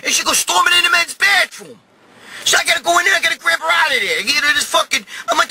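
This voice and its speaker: A middle-aged man from New York hosting his own show, telling a crude, profane story and shouting in bursts. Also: extremely high pitch, lively intonation, a little fast, a little hiss or hum. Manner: loud, crude, swears constantly, shouts in bursts. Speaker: host. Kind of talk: profane storytelling rant to camera.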